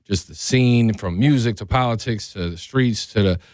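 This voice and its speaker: A man from the Milwaukee area, a music videographer, talking as a guest on a radio show in an enthusiastic, slangy, halting way. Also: lowish voice, darkish tone, dry recording, clean studio sound. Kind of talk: casual radio interview chat. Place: radio studio.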